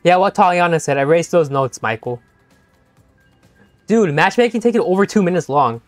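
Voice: mid-range voice, animated, normal speed, dry recording, soft background music. A young-adult game streamer chatting playfully with viewers during a live session, laughing often and teasing the chat.

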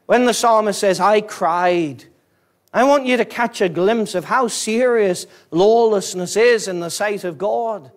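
High-voiced Northern Irish preacher. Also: male voice, measured pace. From Northern Ireland. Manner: rising to urgent high-pitched emphasis, then dropping low; repetitive, pleading rhetorical questions. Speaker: pastor. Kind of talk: fiery evangelistic sermon.

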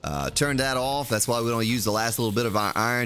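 A man's voice: mid-range voice, quick pace, few pauses, a bit bright, a little hiss or hum. A male game streamer giving live gameplay commentary, talking playfully to himself and to his viewers in the chat.

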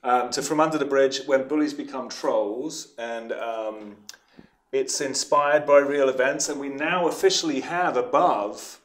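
A man's voice: mid-range voice, unhurried, echoey room. A man, a filmmaker guest, chatting in a podcast interview, rambling and enthusiastic with easy laughter, recorded in his studio space. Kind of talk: casual interview chat.

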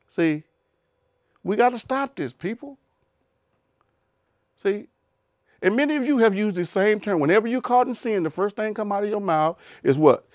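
A man's voice: sits high, animated, moderate pace, pauses often, dry recording, studio quality. A man giving an informal Bible talk, emphatic and repetitive, with rhetorical questions and many restarts. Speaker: Bible teacher.

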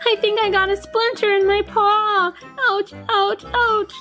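A woman's voice: very high-pitched, little pitch movement, normal speed, faint music behind, pitched above the performer's own voice. Woman voicing Kia, a sweet big dog. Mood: hurt and tired. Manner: sweet, eager, soft-spoken. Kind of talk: toy play pretend voices.

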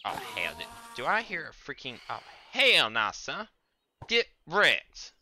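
A young man talking over his game stream with a very bright, edged voice. He stammers constantly, repeating words as he restarts, and his pitch swings widely when he shouts down the monsters. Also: wildly swooping pitch, unhurried. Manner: trash-talks the game's monsters, loud bursts of exasperation. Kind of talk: casual gaming commentary.

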